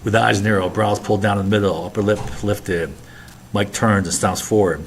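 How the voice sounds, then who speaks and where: A man narrating an audiobook in a plain, even storytelling manner. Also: fairly low pitch, moderate pace, slight background noise. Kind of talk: scripted narration.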